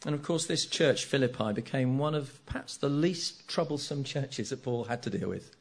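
An older man preaching a sermon, animated and jokey, acting out the congregation's reactions. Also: medium pitch, normal speed, vocal fry.

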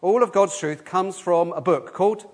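A man with a slightly high voice leads a children's talk in church. He speaks in a lively way, throws questions to the congregation and has them chant the answers back. The sound rings with the long reverb of a church hall. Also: normal speed. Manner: lively, asks the room questions and leads call-and-response.

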